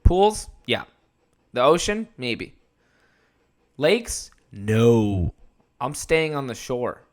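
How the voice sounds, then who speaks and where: A man's voice: medium pitch, very animated, drawn-out words. A young man hosting his own podcast, telling a rambling story in a casual, profane way and laughing often. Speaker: podcast host.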